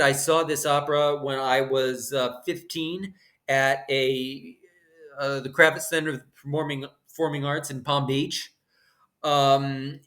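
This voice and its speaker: A man's voice: on the high side, a bit bright. A man in his thirties hosting his channel and giving a snarky, profane opera summary, full of hesitant fillers and blunt put-downs. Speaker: channel host. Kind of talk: opinionated opera summary monologue.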